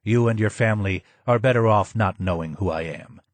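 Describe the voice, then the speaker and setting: A man voicing a broken older male former royal advisor who speaks slowly in a low, hoarse voice, in a dry recording. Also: dry recording, close to an everyday voice. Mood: sorrowful. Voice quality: low and hoarse, slow and measured.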